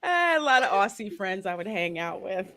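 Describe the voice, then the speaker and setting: A woman co-hosting a casual pop-culture podcast chat, animated and quick to laugh. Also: mid-range voice. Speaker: podcast co-host.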